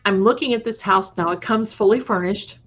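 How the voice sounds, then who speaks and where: A woman's voice: medium pitch, fairly quick, a bit bright. A woman hosting a live stream, chatting affectionately with viewers and telling spooky stories in a casual way. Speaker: live-stream storyteller host. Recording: dull lo-fi stream audio.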